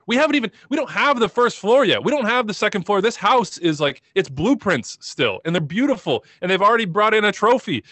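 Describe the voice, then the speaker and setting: A man co-hosting a podcast, talking about soccer in a passionate, excitable and emotional way, rambling as he goes. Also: high voice, no room sound. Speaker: podcast co-host.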